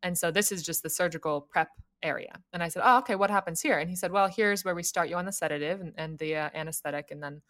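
A woman's voice: fairly low pitch, fast talker, few pauses, a bit bright. A young woman casually telling a story on a podcast, wry and teasing, laughing often.

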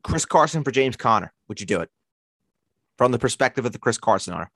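A man with a Long Island accent hosting a casual sports chat, playful and animated. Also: fast talker, no room sound. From Long Island, New York. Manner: animated, playful, jumps between high and low pitch. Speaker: podcast host.

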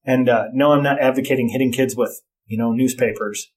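A man's voice: medium pitch, steady tone, brisk. A middle-aged man in casual chat, telling blunt, profane stories about parenting.

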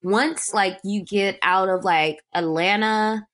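A woman's voice: mid-range voice, slow pace. A young woman from Ohio whose accent picked up a Southern tinge. She co-hosts a podcast in easygoing, meandering conversation, full of fillers and small restarts. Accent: Ohio speech with a Southern US tinge. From Ohio, USA. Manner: relaxed, rambling, many fillers. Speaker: podcast co-host. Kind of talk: casual chat.

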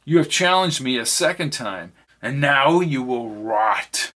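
A man's voice: mid-range voice, lively intonation, measured pace, pushed and bright. A man voicing a cold, smug villain who taunts his captive in an audiobook reading. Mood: taunting. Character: cold menacing man who manipulates realities.

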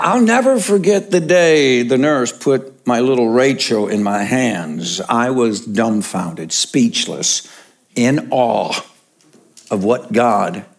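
An older man, a pastor preaching a sermon, telling jokes and chuckling as he goes. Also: medium pitch. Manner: slow, jokey storytelling with chuckles.

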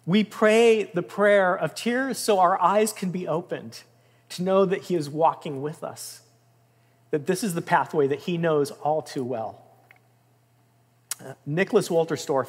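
A man's voice: a little high, a little slow, breathy edge. Earnest man preaching in a reverberant hall. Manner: earnest, emphatic, with swells of intensity and soft drops. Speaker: pastor. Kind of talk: sermon. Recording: long reverb of a large room.

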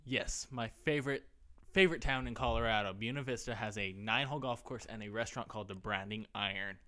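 A man's voice: lowish voice, fast, bright, forceful tone. A young man guesting on a casual podcast, telling chatty stories. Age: young adult. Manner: chatty storyteller. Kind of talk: casual chat.

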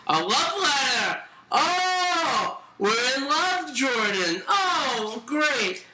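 A man voicing an angry female schoolteacher, shouting mocking exclamations in a roomy, echoey room. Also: very high voice, sing-song, very slow, voice pushed up, heavily acted. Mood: mocking outrage.

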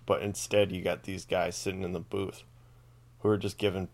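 A man with a low voice hosts a podcast and rambles through a casual comedic rant. He swears freely and keeps amusing himself as he talks. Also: level tone, normal speed, darkish tone. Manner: profane, rambling, self-amused. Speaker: podcast host.

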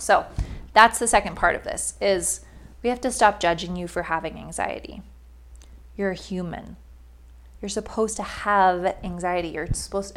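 A young adult woman, a life coach, giving a casual but emphatic motivational monologue with frequent "like" fillers. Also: mid-range voice.

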